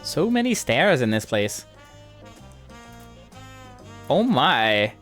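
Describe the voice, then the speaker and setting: A man playing through a game and commenting casually, with excitable, gushing exclamations. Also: mid-range voice, extremely slow. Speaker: gamer streamer. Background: game music.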